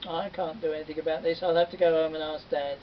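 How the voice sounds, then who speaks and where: A man voicing an eager, helpful young lad in a folktale, chatty and bright. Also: flat delivery, quick pace, close to an everyday voice. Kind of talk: folktale storytelling. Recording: dull distant recording with faint rumble.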